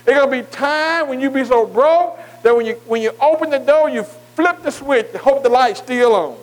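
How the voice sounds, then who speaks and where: A man's voice: very high-pitched, normal speed, low-quality recording. A man preaching a sermon in call-and-response style, emphatic and repetitive, often asking the congregation questions and stretching key words.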